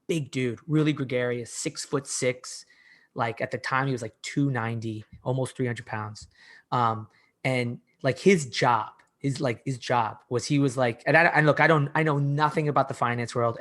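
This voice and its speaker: A man in his forties, a coach, tells stories from his work on a podcast. He talks in a loose, animated way, full of "like" and restarted sentences. His voice sits in an ordinary middle pitch. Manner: animated storyteller, heavy use of "like", frequent restarts. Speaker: fitness coach, podcast guest. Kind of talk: casual conversational storytelling.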